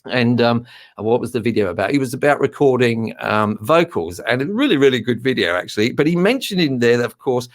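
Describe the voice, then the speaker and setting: A man's voice: medium pitch, animated, a little fast. A middle-aged man hosting a casual live stream, chatty and a little nervous, with lots of fillers.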